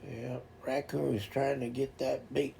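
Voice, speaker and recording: Gravelly man spinning rambling stories. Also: mid-range voice, flat delivery, takes it slowly, dark tone, a little hiss or hum. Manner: rambling, with repeated restarts; laughs while telling fishing stories. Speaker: streamer host. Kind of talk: casual storytelling chat.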